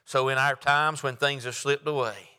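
A man's voice: mid-range voice, steady tone, moderate pace, pushed and bright, smooth. A man preaching a sermon in a folksy way, repeating phrases and acting out the dialogue of the story. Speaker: pastor. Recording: long hall reverb.

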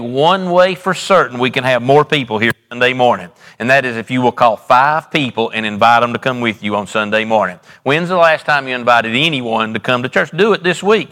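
Pastor guy preaching, repeats himself a lot, goes loud then quiet, big echoey church. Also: medium pitch. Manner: preacherly, repetitive, rises and drops dramatically. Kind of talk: sermon. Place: church sanctuary.

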